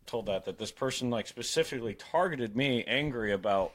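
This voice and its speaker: A man's voice: medium pitch, lively intonation, brisk, dry recording. Rambling young man telling a story. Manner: rambling storyteller, lots of "like" fillers. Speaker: podcast co-host. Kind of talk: casual chat.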